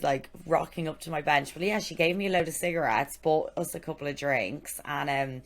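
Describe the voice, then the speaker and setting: Irish woman, young, deep-pitched, chatty anecdote-teller. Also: brisk, creaky, few pauses. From Ireland. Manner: animated storytelling, acts out quoted voices. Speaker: podcast co-host. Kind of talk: casual chat.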